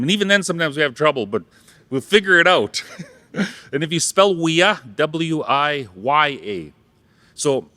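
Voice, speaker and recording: A man's voice: a little high, pushed and bright, no echo. A man from Saskatchewan, Canada, giving a playful public talk as a Cree language teacher and ceremonial helper, joking and leading the audience in repeating words. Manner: playful, jokes, leads audience call-and-response.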